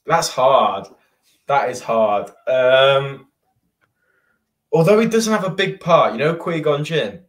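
British male guest, easygoing chatter, middle pitch, listy and laughing. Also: lively intonation, slow, pauses often. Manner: lists things loosely, giggly when telling stories. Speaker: podcast guest, racing driver. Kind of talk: casual chat.

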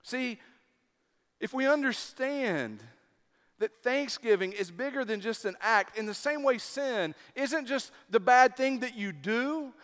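High-voiced man preaching in a hall. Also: a bit bright. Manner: deliberate, emphatic preaching with pauses. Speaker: pastor. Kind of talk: sermon. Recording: long hall reverb.

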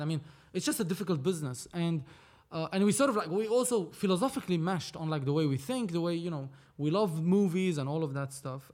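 Animated storytelling film producer, a man. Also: fairly high pitch. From Lebanon. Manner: animated, acts out dialogue, swears casually. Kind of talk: casual storytelling interview.

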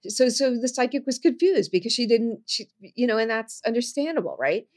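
A woman telling a personal story in conversation, earnest, going soft and low on serious moments and jumping high when she quotes people. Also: fairly quick. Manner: animated, jumps high when quoting people.

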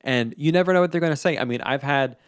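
Male co-host, conversational and animated, average pitch, dry and close. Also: fast talker, clean tone, no room sound. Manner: animated, laughs often, quotes himself in a higher voice. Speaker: podcast co-host. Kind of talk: casual chat.

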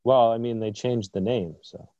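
A man co-hosting a podcast in loose, casual banter, trading jokes with a dry, deadpan delivery. His voice sits in a middle register and sounds dry and close, though the recording is a little dull and muffled. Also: mid-range voice, normal speed, no echo. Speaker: podcast co-host.

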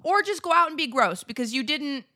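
A woman co-hosting a podcast in casual chat, ranting animatedly with quick laughs. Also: sits high, animated, pushed and bright. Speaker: podcast co-host.

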